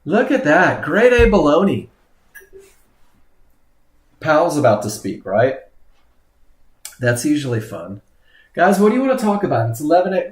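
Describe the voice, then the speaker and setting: Excitable man teaching live trading. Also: on the high side, unhurried, pauses often, reverberant. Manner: excitable, exclaiming at the charts. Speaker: trading instructor. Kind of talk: live trading webinar commentary.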